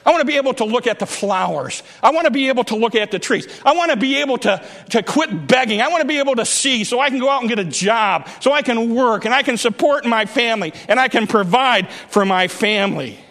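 A man's voice: very high voice, animated, quick pace, few pauses, fairly bright tone, full character voice. A male preacher acting out a desperate blind beggar who pleads urgently in a sermon. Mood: longing. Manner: pleading, urgent, repeating himself.

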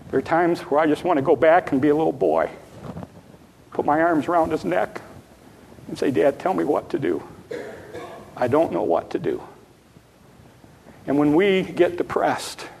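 A man's voice: a little high, darkish tone, slight background noise. A man preaching a sermon, earnest and repetitive, sometimes acting out a child's pleading prayer. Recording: long reverb of a large hall.

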